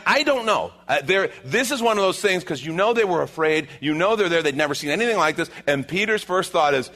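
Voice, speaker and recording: A man preaching a sermon, acting out the disciples' lines with lively shifts and dropping to a hushed tone at reflective moments. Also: on the high side, fairly quick, few pauses. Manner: animated, acts out the disciples' lines. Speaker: pastor.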